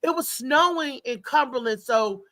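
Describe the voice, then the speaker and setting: A woman comedian telling comic stories in casual chat, animated and laughing, acting out the people in her stories. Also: high-pitched, a little slow, no echo. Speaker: stand-up comedian guest.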